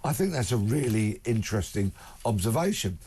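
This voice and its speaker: Husky, lively man on talk radio. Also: on the low side, normal speed. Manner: emphatic, builds long spoken lists. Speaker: studio guest. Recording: broadcast studio.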